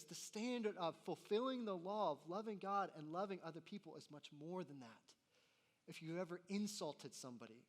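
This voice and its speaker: A young man preaching a sermon as a college pastor, animated and acting out exasperated voices that rise to near shouts. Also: sits high. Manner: animated, acts out voices and gets loud in exasperation.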